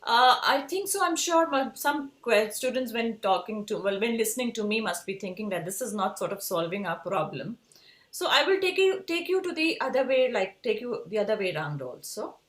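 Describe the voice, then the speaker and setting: A woman's voice: on the high side, very animated, normal speed, fairly bright tone, roomy sound. Earnest woman with Indian English accent. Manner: earnest, emphatic, advising. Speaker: design educator. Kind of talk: motivational talk to students.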